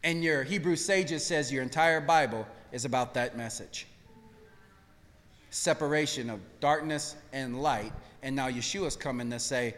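A male pastor delivers a sermon in a very high, bright voice. He moves between quiet, low passages and loud, shouted peaks. The long reverb of a large sanctuary trails every phrase. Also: unhurried. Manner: preaching with swings between hushed and shouted lines. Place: church sanctuary.

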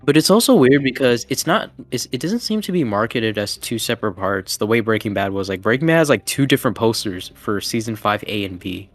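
A man with a fairly low voice chats casually on a podcast. His talk is loose and full of fillers. The sound is dry and close, with faint music behind. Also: animated, fairly quick, hardly any pauses, dry recording. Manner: chatty, filler-heavy, laughs easily. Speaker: podcast co-host. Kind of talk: casual chat.

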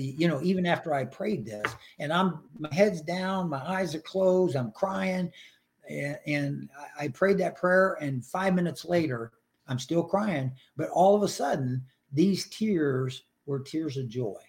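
A man's voice: fairly high pitch, lively intonation, a little slow, creaky. An older man sharing his personal faith story in a podcast interview, earnest and emotional, acting out his prayers.

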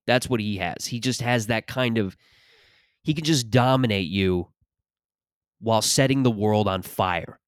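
A man's voice: lowish voice, measured pace, no echo, studio quality. A man hosting a podcast, talking in a casual, profane, rambling comic monologue that drifts between topics, a little short of breath. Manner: profane, rambling, restarts often. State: short of breath after an allergic reaction. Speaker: podcast host and stand-up comic.

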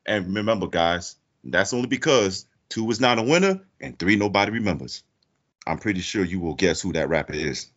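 A man hosting a podcast comedy segment as a mock judge, playful and theatrical, jumping high for emphasis. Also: animated, brisk, fairly bright tone. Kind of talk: animated casual banter, mock courtroom bit. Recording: dull lo-fi audio.

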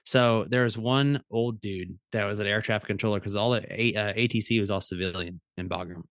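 A man's voice: lowish voice, a little fast, a bit bright, no room sound, studio quality. A man in a casual podcast chat, laid-back and laughing often as he tells stories, swearing casually.

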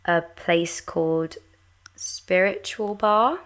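A woman co-hosting a podcast, chatting earnestly and casually with many pauses. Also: on the low side. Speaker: podcast co-host. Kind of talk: casual chat.

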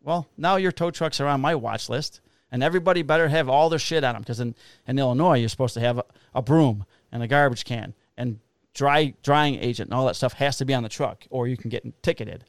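A man's voice: mid-range voice, brisk, dry recording. Cop guy ranting through a story, swears a lot, super dry close sound. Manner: profane, animated storyteller. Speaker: podcast co-host and police officer. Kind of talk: casual storytelling chat. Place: Illinois.

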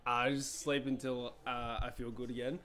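A man's voice: mid-range voice, level tone, moderate pace, fairly bright tone. A man co-hosting a podcast in casual chat, telling stories with giggles and casual swearing. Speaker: podcast co-host.

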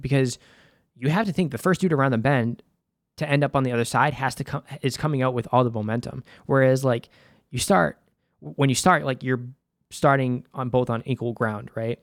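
A man's voice: mid-range voice, no echo, clean studio sound. A young man with a Boston accent recapping a TV episode in loose, conversational talk, cursing freely and leaning on lots of fillers. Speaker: host.

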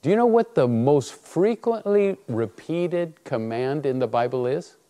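A man's voice: on the high side, unhurried. A man preaching a sermon, telling a personal story and acting out the dialogue in it. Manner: animated storytelling, acts out dialogue.

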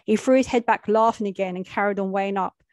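A woman reading a gritty street story aloud in a plain, steady voice, slipping in street slang. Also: mid-range voice, fast, no room sound. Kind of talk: reading a gritty first-person-style short story aloud.

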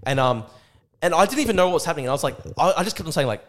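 A young Australian man, a podcast guest, telling a story in a rapid, profane, excitable way. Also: fairly high pitch. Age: young adult. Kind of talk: casual storytelling.

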